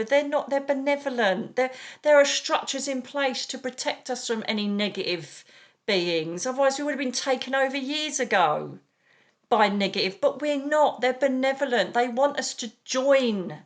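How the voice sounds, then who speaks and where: A middle-aged British woman, a psychic medium, talking in an animated, chatty way as an interview guest and calling people darling. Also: a little high. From United Kingdom. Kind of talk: casual interview chat.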